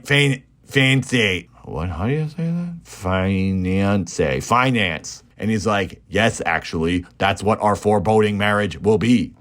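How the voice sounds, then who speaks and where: A man narrating a comedic movie recap in a deadpan way, slipping into quick silly character voices. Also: on the low side.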